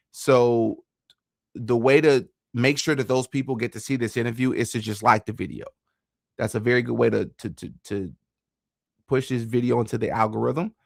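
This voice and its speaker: Male podcast host, gravelly, stammery repeats, casual live chat. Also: mid-range voice, no echo, studio quality.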